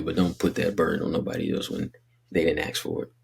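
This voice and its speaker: A man's voice: extremely low pitch, sing-song, fast, creaky, a little mellow, breathy edge. A young man talking casually and earnestly to his listeners in a rambling, slangy vlog about handling emotions. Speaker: vlogger giving life advice. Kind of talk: casual motivational vlog talk.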